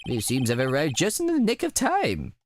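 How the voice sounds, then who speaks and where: A man voicing an elderly male lawyer with a deep, drawling, pompous game voice. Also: wildly swooping pitch, moderate pace, slight background noise. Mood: self-assured.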